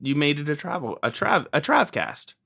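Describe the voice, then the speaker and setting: A man co-hosting a podcast in casual chat, playful and teasing, with his tone leaping between high and low. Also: sing-song, normal speed, vocal fry, fairly bright tone, breathy edge. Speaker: podcast co-host.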